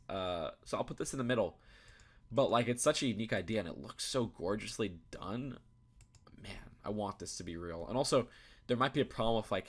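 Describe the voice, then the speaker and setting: A young man giving casual commentary, thinking aloud with many fillers and restarts. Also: on the low side. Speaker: YouTube reviewer. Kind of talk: casual commentary while browsing.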